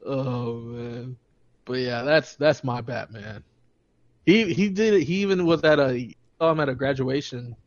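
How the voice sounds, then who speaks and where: A man's voice: medium pitch, a little slow, dry recording. Laughing, profane man in a dry, dull recording. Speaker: podcast co-host. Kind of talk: casual chat.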